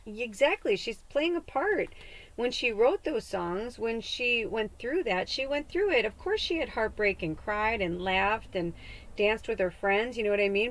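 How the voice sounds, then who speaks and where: In this low-quality recording, a woman in her forties with a fairly high voice hosts a psychic reading podcast. She's a psychic medium giving a casual, tarot-style reading, rambling candidly, swearing freely, and sounding tearful, close to crying.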